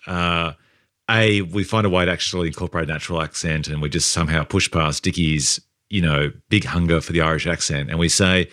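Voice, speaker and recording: A man's voice: low-pitched, brisk, a bit bright, no room sound, clean studio sound. A man co-hosting a casual film podcast, talking through long hypotheticals in a thoughtful, building way.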